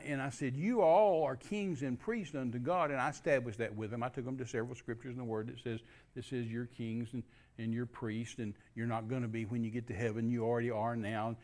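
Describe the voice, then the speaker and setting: A man preaching a sermon, telling a story with animated delivery that rises to loud calls. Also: mid-range voice.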